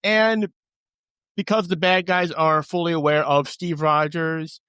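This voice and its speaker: A man co-hosts a podcast, talking through a movie plot in a relaxed, conversational way with offhand asides. His voice sits a little high for a man. The recording is dry and close. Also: unhurried, clear, resonant tone, dry recording. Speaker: podcast co-host. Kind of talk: casual chat.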